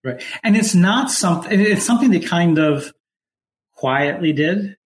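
A man co-hosting a casual podcast chat, talking in a relaxed way with plenty of fillers and restarts. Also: high voice, measured pace. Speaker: podcast co-host.

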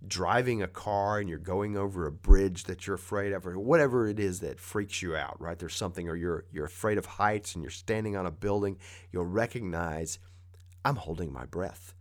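A man's voice: sits low, normal speed. A man giving a conversational motivational talk, coaching with plain repeated advice.

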